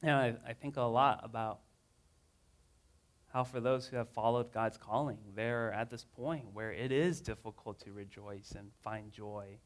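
A man preaching a sermon in a casual, conversational way, reading scripture aloud with rising emotion. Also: medium pitch. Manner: earnest, reads scripture dramatically with rising emotion.

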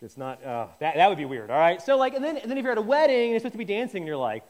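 A man's voice: high-pitched, very animated, very fast, hardly any pauses, darkish tone. A man leading an informal Bible teaching, conversational and jokey, often stopping and restarting mid-sentence. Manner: conversational, self-interrupting, jokey asides. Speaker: pastor.

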